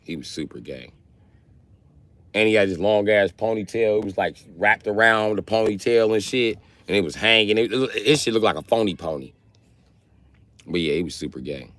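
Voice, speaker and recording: Young man storyteller on a livestream, animated and profane, lower voice with a bright edge. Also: moderate pace, no echo. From Wisconsin. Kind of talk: comic storytelling.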